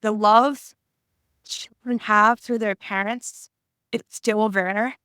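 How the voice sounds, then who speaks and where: A woman's voice: mid-range voice, steady tone, bright, forceful tone, clear, resonant tone, no echo, clean studio sound. Emotional woman sharing a personal story. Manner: halting, emotional, searching for words. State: tearful at times. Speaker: vlogger. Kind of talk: personal reflective talk to camera.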